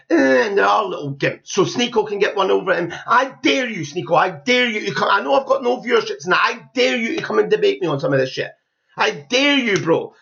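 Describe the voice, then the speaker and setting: A man's voice: high-pitched, vocal fry, a bit bright, muffled recording. A young man giving blunt, scornful, profanity-heavy reaction commentary on a video. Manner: blunt, scornful, swears heavily. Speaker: YouTube commentator.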